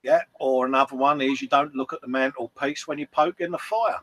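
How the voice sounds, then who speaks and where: A man's voice: medium pitch, fairly even intonation, fairly quick, a bit bright, dry recording, poor audio. An English man telling jokey stories and laughing in casual banter. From England. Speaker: guest on a live stream.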